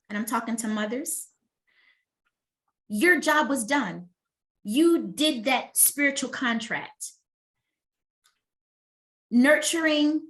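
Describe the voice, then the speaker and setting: A middle-aged wellness coach with a somewhat high voice leads a motivational master class in a lively, conversational style, frequently checking whether her listeners are with her. She speaks emphatically and personally, as though addressing each person directly.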